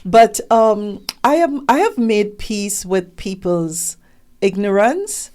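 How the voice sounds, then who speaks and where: A middle-aged woman talking as an interview guest, animated and emphatic, acting out the questions people ask her. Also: mid-range voice, takes it slowly. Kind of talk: conversational interview.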